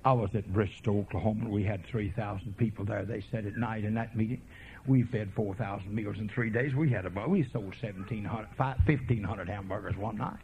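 A man preaching a revival sermon as a folksy evangelist, swinging from quiet murmurs to fervent preaching. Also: lowish voice, a little fast, slight background noise. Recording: tinny lo-fi sermon tape.

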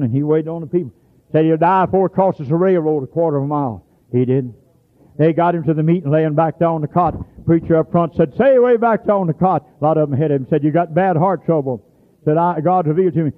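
A man preaches a folksy storytelling sermon, his voice sitting a little high for a man. He swings from plain talk into sudden shouts. The sound is tinny and narrow, like an old radio broadcast heard over a phone.

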